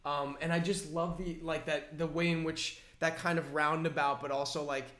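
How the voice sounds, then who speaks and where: A man's voice: on the high side, flat delivery, normal speed, a bit bright. A man hosting a live interview, reflecting on the guest's story in long, rambling sentences full of restarts. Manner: thoughtful, rambling with many restarts. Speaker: host. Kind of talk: conversational interview. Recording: roomy echo.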